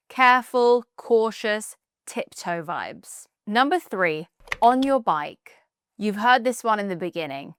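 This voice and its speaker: A woman's voice: medium pitch, a bit bright, smooth, no room sound, clean studio sound. A woman with a British accent, teaching an English lesson as a tutor with an upbeat, emphatic delivery.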